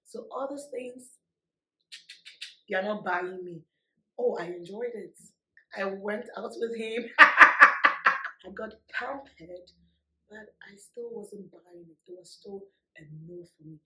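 A woman vlogger telling a personal story to her viewers in an emphatic, animated way, laughing often. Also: medium pitch, measured pace, long pauses, rough recording. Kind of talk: storytime vlog.

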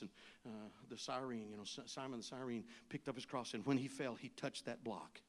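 A man preaching a sermon as pastor, telling a travel story and rising to shouted, pleading appeals. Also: mid-range voice, expressive, brisk.

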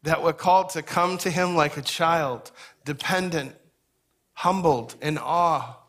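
A man's voice: fairly high pitch, a little slow, a bit bright. A middle-aged man preaching a sermon in a conversational, folksy way, with asides to the congregation. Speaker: pastor.

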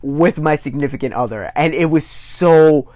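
A man's voice: a little high, normal speed, darkish tone, no echo. Laughing man in casual chat. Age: adult, married and divorced. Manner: laughs often, talks in rambling restarts. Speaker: podcast co-host.

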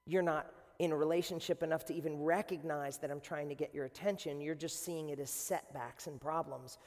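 A man preaching a sermon as a pastor, animated and swinging between quiet and loud. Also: fairly high pitch, brisk. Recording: long hall reverb.

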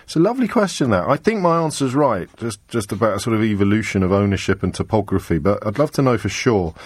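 A man from England hosting a radio phone-in, quick and teasing as he chats with callers. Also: on the low side, lively intonation, slightly rough, no room sound. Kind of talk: casual radio phone-in banter.

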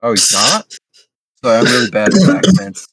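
A man's voice: mid-range voice, sing-song, normal speed, fairly bright tone. A man co-hosting a casual chat, easygoing and jokey. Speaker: podcast co-host.

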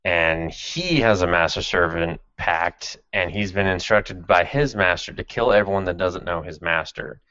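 Man, deep low voice, podcast host, sardonic, profane, casual chat, dry close sound, dull lo-fi audio. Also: moderate pace, few pauses, sharp tone, dry recording. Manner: sardonic and profane, with frequent laughs. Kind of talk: casual chat recapping an anime.

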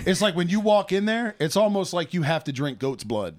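A man's voice: high voice, big pitch swings, brisk. A man in his thirties co-hosting a podcast, riffing sarcastically and swearing in casual chat. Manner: sarcastic, swears freely, riffs. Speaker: podcast co-host.

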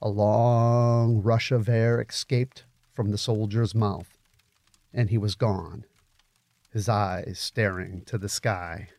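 A man narrating a story in a measured, grave audiobook reading. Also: fairly low pitch, steady tone, darkish tone, dry recording. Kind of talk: scripted narration.

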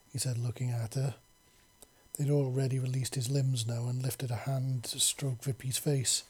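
A man reading a story aloud in a steady, unhurried way. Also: medium pitch, breathy edge. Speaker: narrator.

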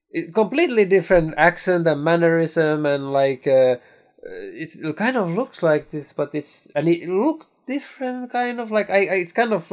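Hesitant man in casual film chat. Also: a little high. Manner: hesitant, many fillers and restarts. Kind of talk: casual chat about films.

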